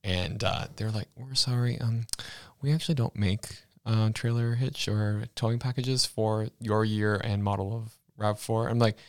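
Man in a casual, animated chat. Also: lowish voice, moderate pace, clean tone. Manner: animated, laughs while telling stories. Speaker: podcast co-host.

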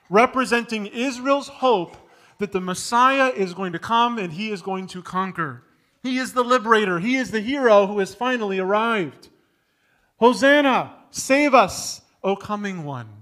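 Male pastor, high voice, emphatic sermon delivery with loud peaks and quiet drops.

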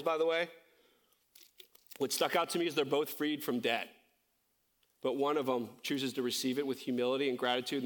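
A man preaching a sermon as pastor, impassioned and conversational, climbing high and slowing down on key phrases, with self-correcting asides. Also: a bit bright.

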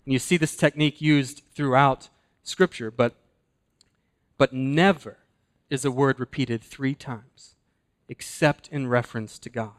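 A man preaching a sermon, earnest and deliberate, slowing down and dropping his voice to stress key words. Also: medium pitch. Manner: earnest, slows and drops to a hush for emphasis. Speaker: pastor.

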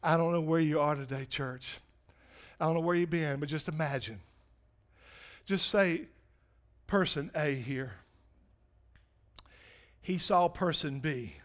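A male pastor with a high, light voice preaching a fervent sermon. He climbs into loud, urgent stretches, then drops to hushed, almost whispered pleas. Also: slow pace, pauses often.

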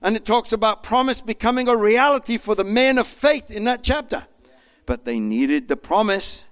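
Animated male preacher, lively delivery. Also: high-pitched, moderate pace. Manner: animated, acts out voices in quotes. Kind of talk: sermon.

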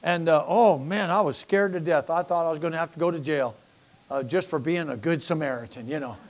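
A man's voice: a little high, fairly quick. An older man preaching a sermon with folksy storytelling, acting out the people he quotes. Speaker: pastor.

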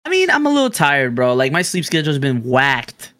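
Rich: A man talks in a relaxed chat, his pitch bouncing all over the place. He teases his friend and keeps breaking into laughter. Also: a little fast, no echo. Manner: animated, laughs often, teasing. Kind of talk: casual chat.

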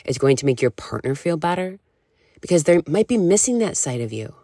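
A woman in her thirties, a podcast host and nutrition coach, talking in a candid, animated way, full of "like" and casual swearing. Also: deep voice, a little fast, no echo, studio quality. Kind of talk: casual solo podcast talk.

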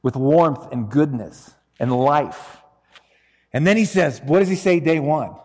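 A man preaching a sermon in an animated, joking, conversational way. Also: a little high, a little slow, long reverb tail.

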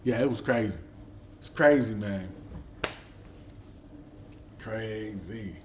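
A middle-aged man hosting his own podcast, telling stories in a loose, profane, animated way. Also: on the low side, slow, a little hiss or hum. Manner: animated storyteller who acts out quotes. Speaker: podcast host. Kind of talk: casual podcast monologue.

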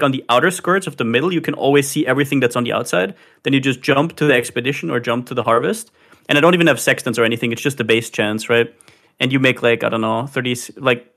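A man in a casual gaming chat, relaxed and slangy. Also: medium pitch.

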